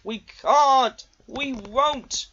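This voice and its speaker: A narrator voicing a group of stubborn old goods trucks with shrill, squealing cries. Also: drawn-out words, bright, forceful tone, highs cut off, exaggerated voice. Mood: defiant.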